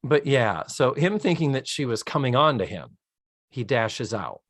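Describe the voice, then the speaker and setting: A man co-hosting a podcast, casually retelling a TV episode in an animated way and laughing often. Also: medium pitch, moderate pace, no echo, clean studio sound. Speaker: podcast co-host. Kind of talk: casual chat, recapping a TV episode.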